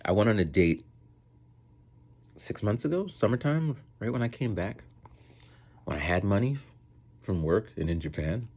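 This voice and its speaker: A man's voice: on the low side, normal speed, long pauses, husky. A man rambling through casual stories in a vlog, acting out the people he quotes. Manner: rambling, animated, acts out quoted voices. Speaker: vlogger. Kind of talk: casual storytelling monologue.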